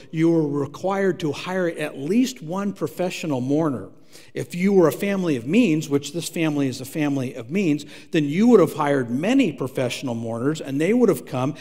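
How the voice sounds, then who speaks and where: A man preaching a sermon as pastor, earnest, repeating words and moving from loud emphasis to hushed tones. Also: fairly high pitch, in a large hall. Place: church sanctuary.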